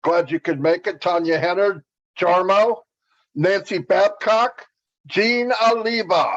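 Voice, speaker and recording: A man co-hosting a livestream, relaxed and joking as he greets viewers. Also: sits high, slow pace. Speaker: co-host. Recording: dull lo-fi stream audio.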